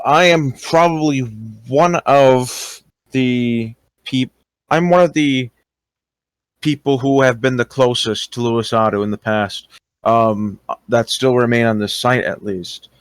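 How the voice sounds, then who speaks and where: A young man talks in a casual, halting way, often pausing on fillers and restarting sentences. His voice sits at an ordinary middle pitch. The sound is close and dry, with no room echo. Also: clean tone. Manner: hesitant, many fillers and restarts. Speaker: interviewee recounting experiences. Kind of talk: casual voice-call talk.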